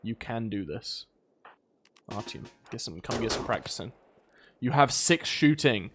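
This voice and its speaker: Lively rambling British man narrating a game. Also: medium pitch, a little slow, long pauses, background noise. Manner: rambling, exasperated scolding of game characters. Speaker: gaming video host. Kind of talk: casual gameplay commentary. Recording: faint game music behind.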